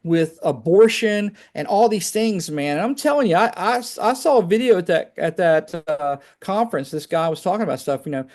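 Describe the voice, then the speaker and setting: A man telling personal faith stories on a video call, animated and chatty, often saying "man". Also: sits high, moderate pace, hardly any pauses. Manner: animated storytelling, fillers like "man". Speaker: guest speaker. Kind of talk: casual testimony on a video call.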